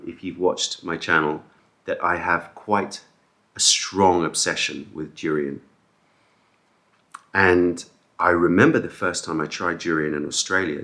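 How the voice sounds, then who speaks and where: A man vlogging in a casual storytelling style, rambling through anecdotes with fillers and restarts, acting out the people in them. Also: low voice. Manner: acts out quoted people with raised animated voice.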